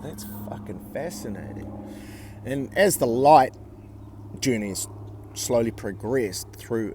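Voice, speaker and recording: A man vlogging, telling a personal story in a blunt, sweary way with halting restarts. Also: deep voice, darkish tone, slight background noise.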